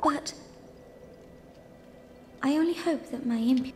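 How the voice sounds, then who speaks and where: An actress playing a meek young female fire keeper in a video game, speaking in a hushed, halting whisper. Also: high voice. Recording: game audio with faint music.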